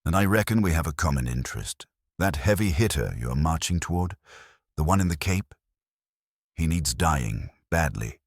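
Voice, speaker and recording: A man voicing a desperate, vengeful vigilante who talks in rough, brash slang with a thick, guttural accent. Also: very deep voice, animated, normal speed, no room sound, clean studio sound, heavily acted. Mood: gruff, desperate. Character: desperate, vengeful male vigilante leader, bitter and blunt.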